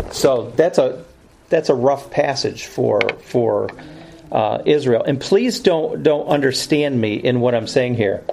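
A man's voice: medium pitch, animated, measured pace, vocal fry, a little mellow, a little hiss or hum, poor audio. A man teaching through Bible verses in a sermon style, earnest and explanatory, often correcting himself as he goes.

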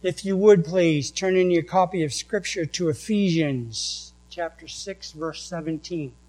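New england guy preaching, slow careful scripture reading, slightly high voice, low hum behind. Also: darkish tone, rough recording. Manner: slow, deliberate reading of verses. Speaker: pastor.

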